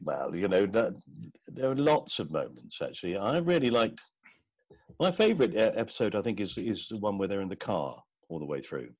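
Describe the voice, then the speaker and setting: Low, husky man telling stories. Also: sing-song, normal speed, a little mellow, no room sound. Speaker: podcast guest, actor. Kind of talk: casual anecdotal chat.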